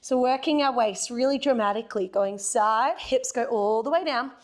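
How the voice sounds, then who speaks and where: A woman's voice: fairly high pitch, normal speed. Upbeat Australian woman coaching Pilates. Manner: upbeat coaching cues with playful jokes. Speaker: Pilates instructor. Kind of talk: guided workout instruction.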